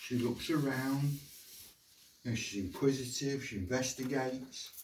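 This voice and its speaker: A man's voice: medium pitch, a little slow, slight background noise. An older man at home talking to his pet bird in coaxing, affectionate baby talk. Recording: roomy sound, distant from mic.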